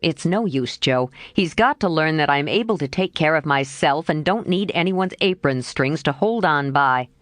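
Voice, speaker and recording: A woman's voice: low voice, expressive, normal speed, hardly any pauses, no echo, studio quality. A woman reading an audiobook, voicing a spirited teenage boy who growls his words in a sulky, indignant way.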